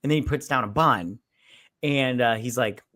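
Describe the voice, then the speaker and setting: A man's voice: medium pitch, moderate pace, pushed and bright, dry recording, studio quality. A man co-hosting a casual podcast, retelling a movie in a blunt, crude, joking way with put-on quotes. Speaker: podcast co-host. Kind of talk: casual drunk movie recap.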